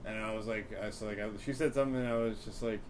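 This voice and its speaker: A man's voice: fairly low pitch, steady tone, very fast. A young comedian from New Jersey chats casually as a podcast guest. He rambles through stories, jumps into the voices of the people he quotes, and laughs a lot. A faint hiss sits under the recording. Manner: chatty storytelling, acts out quotes, laughs often. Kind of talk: casual interview chat.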